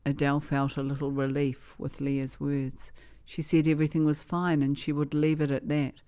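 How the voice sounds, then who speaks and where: Woman narrator, low voice, calm storybook reading, steady and even. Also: normal speed, few pauses.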